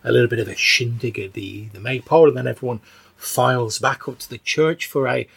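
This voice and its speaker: A man's voice: mid-range voice, fairly even intonation, fairly quick, gravelly, a bit bright, breathy edge. A man voicing a frail, fussy old female churchgoer who stammers and repeats words, out of breath. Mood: eager.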